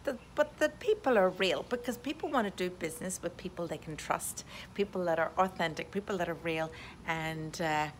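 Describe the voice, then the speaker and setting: A woman's voice: on the low side, moderate pace, slight background noise. A woman realtor from Europe giving an upbeat video update from home on a desktop microphone, positive and full of "uh" fillers. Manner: enthusiastic and positive, with many "uh" fillers. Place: indoors at home. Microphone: USB desktop condenser microphone.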